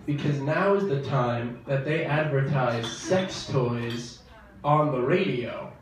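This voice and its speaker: A man's voice: medium pitch, takes it slowly. Young male stand-up in echoey club. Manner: wry, self-deprecating, builds to loud bursts. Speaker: stand-up comedian. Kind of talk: stand-up comedy set. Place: comedy club. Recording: echoey club from far off, crowd noise.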